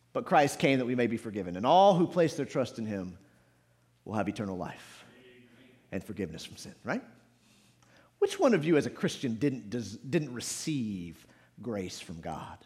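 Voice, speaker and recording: A man preaching a sermon in a church, swinging between loud shouts and quiet low asides. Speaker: pastor. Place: church sanctuary.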